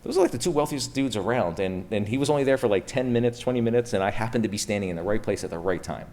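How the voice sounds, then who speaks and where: A man's voice: fairly low pitch, lively intonation, rapid-fire, darkish tone. A man from Pennsylvania giving a casual, upbeat conference keynote to a live audience in a room, throwing rhetorical questions at the crowd. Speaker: keynote speaker.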